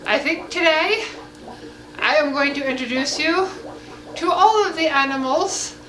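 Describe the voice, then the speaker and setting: A woman's voice: high-pitched, unhurried, bright, forceful tone, poor audio. A woman chatting casually in a home vlog, out of breath and slipping into baby talk with her pets. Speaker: vlogger. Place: home, indoors.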